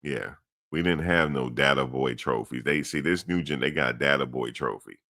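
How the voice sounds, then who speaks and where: A man's voice: rumbling low, moderate pace, sharp tone. A middle-aged man giving a blunt, blustery sports rant, repeating his points and addressing the audience directly. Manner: blunt, blustery, repetitive ranting. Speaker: sports commentary host.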